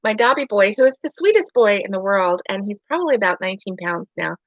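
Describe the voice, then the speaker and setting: A woman's voice: mid-range voice, lively intonation, fast talker, no echo. Chatty woman livestreaming from home. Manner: chatty, rambling, laughs often. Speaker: livestream host. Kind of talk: casual live chat. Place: home bedroom. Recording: dry, dull lo-fi sound.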